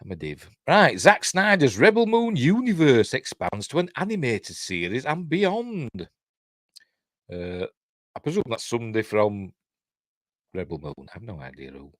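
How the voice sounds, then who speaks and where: A man's voice: mid-range voice, sing-song, moderate pace, no echo, studio quality. An older man with a Yorkshire accent hosting a live-stream news show, reading entertainment stories aloud with chatty, rambling asides and self-mocking jokes.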